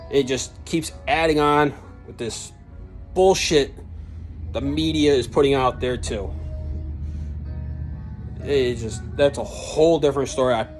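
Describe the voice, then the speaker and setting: A fired-up vlogger rants straight to camera, cursing freely and blunt to the point of rudeness. The voice sits at an ordinary middle pitch, swinging from shouted peaks down to low muttered grumbling, with a little music faintly in the background. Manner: heated, sweary, blunt. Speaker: truck channel vlogger. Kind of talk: angry profane rant to camera.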